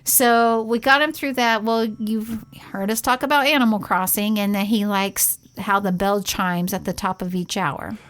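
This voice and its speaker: A woman's voice: mid-range voice, fairly even intonation, normal speed, hardly any pauses, fairly bright tone. A middle-aged woman co-hosting a casual podcast, recounting events in an earnest, conversational way with frequent "like" fillers. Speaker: podcast co-host, parent.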